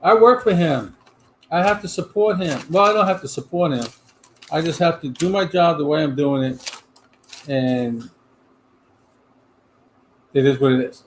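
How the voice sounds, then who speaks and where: A man's voice: a little high, measured pace, pauses often, a little hiss or hum. A middle-aged man hosting a casual livestream chat, rambling and talking back to viewer comments. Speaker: host of a livestream chat show.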